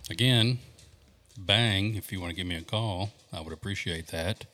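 A man hosting a casual podcast from home, making dry, teasing deadpan asides. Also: deep voice, normal speed, soft background music. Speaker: podcast host. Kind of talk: casual chat.

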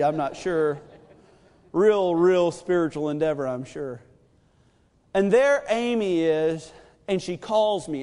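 High-voiced preacher in a reverberant hall. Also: male voice. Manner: animated storytelling, acts out quoted voices. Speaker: pastor. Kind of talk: sermon with personal story.

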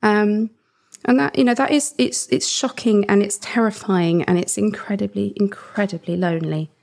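A woman's voice: medium pitch, steady tone, moderate pace, vocal fry, a little mellow. A woman hosting a podcast in a reflective, earnest chat, often restarting her sentences. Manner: earnest, with frequent restarts and laughter. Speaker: podcast host.

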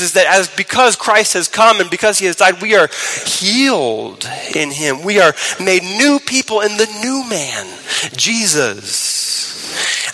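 A man preaching a sermon as pastor, shifting between emphatic raised lines and soft, low, tender passages and slowing on key words. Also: slight background noise, low-quality recording.

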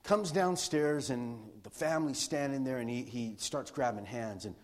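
A man's voice: mid-range voice, moderate pace, a little mellow. A middle-aged man, a pastor, telling a personal story in a sermon with laughter and acted-out quotes.

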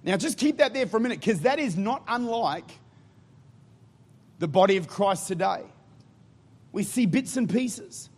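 Husky high-voiced preacher. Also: male voice, measured pace, pauses often. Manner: energetic, rousing the congregation. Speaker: guest preacher. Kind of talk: sermon. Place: church.

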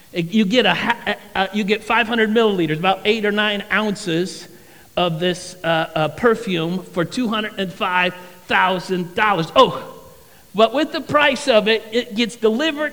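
A male pastor preaching a sermon with animated, dramatic storytelling in a church sanctuary. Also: sits high, in a large hall, low-quality recording.

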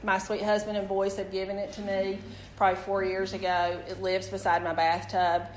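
Woman in her forties, preaching, animated storyteller who talks right to her listeners; echoey room, faint noise behind. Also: medium pitch, moderate pace. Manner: storytelling, animated, addresses the audience directly. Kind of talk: sermon with personal testimony.

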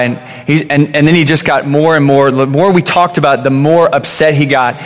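A man's voice: on the high side, steady tone, fast talker, few pauses. A man in his thirties preaching a sermon in a church hall, in a casual, conversational way, often repeating words and saying "you know". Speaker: pastor. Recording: long reverb of a large hall.

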